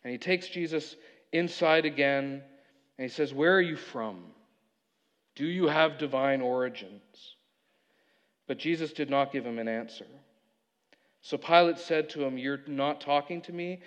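A man preaching a sermon, retelling a story with animated delivery and acted-out quotes. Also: on the high side, unhurried, long pauses. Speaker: pastor. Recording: dull audio with long hall reverb.

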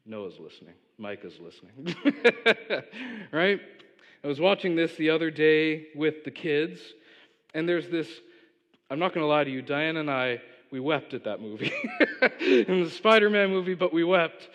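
A man's voice: on the high side, expressive, normal speed, fairly bright tone, highs cut off. A man preaching a sermon in a casual, conversational way, with asides and chuckles, as a pastor. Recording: long reverb of a large hall.

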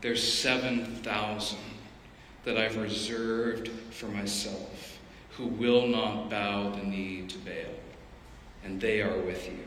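A man voicing God as a calm, solemn deity, speaking low and measured in an echoey hall. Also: a little hiss or hum. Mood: reassuring. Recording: echoey hall with long reverb.

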